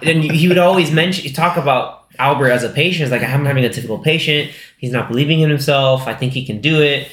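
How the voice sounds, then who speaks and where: A man's voice: fairly high pitch, quick pace, fairly bright tone, roomy sound. A man co-hosting a podcast, chatting casually about a film, rambling with many fillers and acting out quotes. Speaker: podcast co-host. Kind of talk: casual movie chat.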